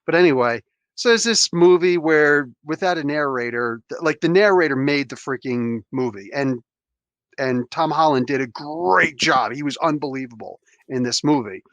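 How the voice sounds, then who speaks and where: A man's voice: fairly high pitch, normal speed, fairly bright tone, no echo, highs cut off. A man hosting a casual podcast chat who rambles with heated, restarting rants. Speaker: podcast host.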